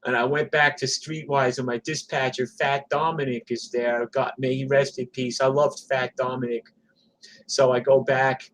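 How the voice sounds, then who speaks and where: Profane, animated man. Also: medium pitch, moderate pace. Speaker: musician telling stories. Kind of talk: live storytelling, casual.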